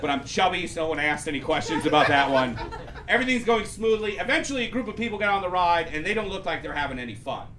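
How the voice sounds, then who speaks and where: A man telling a loose, rambling stand-up story on stage, breaking into loud punchlines. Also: high voice, lively intonation, fast talker. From Persian heritage. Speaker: stand-up comedian. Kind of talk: stand-up comedy set. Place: comedy club before a live audience. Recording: live club audience laughter.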